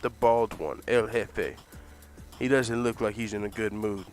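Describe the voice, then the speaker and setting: A man telling a comic fantasy story in an animated, profane way, laughing often. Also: lowish voice, measured pace, faint music behind.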